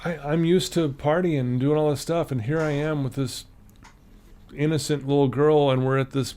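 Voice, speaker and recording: His voice runs a little high and keeps a moderate pace. The speaker, a middle-aged podcast guest from Utah, USA, animatedly tells a personal story in a casual interview, performing the voices of its characters.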